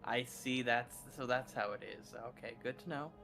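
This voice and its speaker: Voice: mid-range voice, normal speed, a bit bright, faint music behind. A friend in a group game stream making wry, dry remarks in casual chat.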